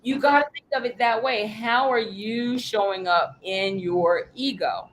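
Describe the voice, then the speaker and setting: A woman coaching a group in an animated, emphatic, blunt way, with the odd curse. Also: mid-range voice, a little slow, a little hiss or hum, rough recording. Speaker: sales coach. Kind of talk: coaching talk.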